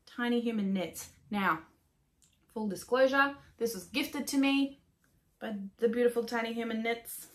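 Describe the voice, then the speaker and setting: An Australian woman with a fairly high, slightly slow voice hosts a knitting podcast. She chats casually, swears freely, and laughs at herself as she goes.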